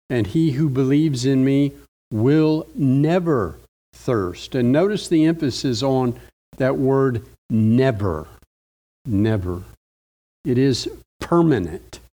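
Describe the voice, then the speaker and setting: A middle-aged man preaching a Bible study, slow and deliberate, stressing key words as he reads verses aloud. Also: mid-range voice, a little mellow. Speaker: pastor.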